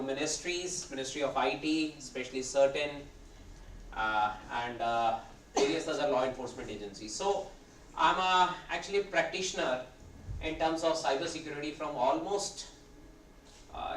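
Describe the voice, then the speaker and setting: An Indian English man in his fifties gives a conversational guest lecture, his voice sitting a little high. His throat is sore, and he wanders between points with a hesitant, rambling delivery. He is picked up from a distance in a reverberant hall with a faint hum of ambience.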